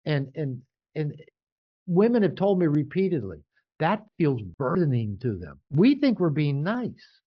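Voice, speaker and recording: An older man, an author being interviewed, talking casually and animatedly, often jumping higher to act out quoted voices. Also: very animated, measured pace, dull audio. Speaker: author and guest.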